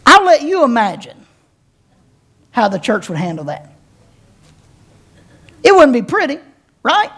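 A woman pastor delivers a sermon in a high, bright voice. She preaches with drawn-out dramatic pauses and leans into folksy, playful slang. She keeps calling out to her congregation for a response. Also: sing-song. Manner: dramatic preaching with slow emphatic pauses, addressing the congregation directly.

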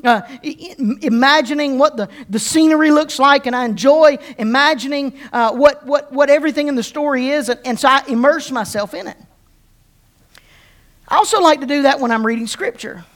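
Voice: high-pitched, brisk, fairly bright tone. A pastor preaching a conversational sermon, often repeating words and restarting, and asking the congregation questions.

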